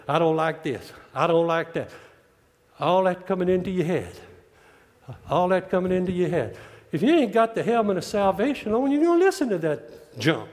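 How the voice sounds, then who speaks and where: Folksy preacher, high voice. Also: male voice, expressive, darkish tone. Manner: folksy, joking, plain-spoken with drawn-out emphatic lines. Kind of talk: sermon. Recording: long hall reverb.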